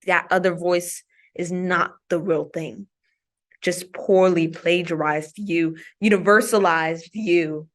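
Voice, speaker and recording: A woman from Maryland performing spoken-word poetry recitations as an invited guest, with a deliberate, emphatic delivery. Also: fairly low pitch, steady tone.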